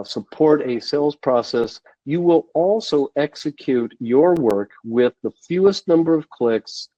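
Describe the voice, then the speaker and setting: A man being interviewed on a podcast, telling a story at a steady, measured pace. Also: mid-range voice, no echo. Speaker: guest, sales consultant. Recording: dull, dry lo-fi sound.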